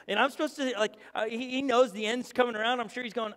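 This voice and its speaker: High-voiced preacher in a big echoing hall. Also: male voice, quick pace, few pauses. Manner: animated, acts out prayers and quotes in voices. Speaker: pastor. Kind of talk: sermon. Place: church auditorium.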